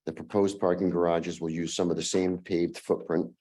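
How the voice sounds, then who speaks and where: A hoarse man who is losing his voice, making a formal presentation as an applicant to a town zoning board and running through a numbered list with fillers. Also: low-pitched, little pitch movement, moderate pace, dark tone. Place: town meeting room.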